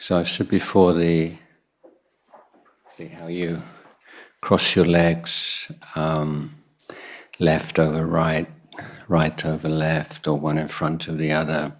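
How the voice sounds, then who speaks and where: Male monk for a guided meditation talk: very low, even voice, slow and pausing. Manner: unhurried, pausing often with soft fillers. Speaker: Buddhist monk teaching meditation.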